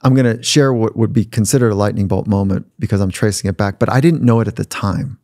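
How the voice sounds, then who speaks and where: A man's voice: on the low side, quick pace, a little mellow, no room sound, studio quality. A man guest on a podcast, telling personal stories in a reflective, conversational way and sometimes acting out the voices of people he quotes. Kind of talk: conversational storytelling. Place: podcast studio.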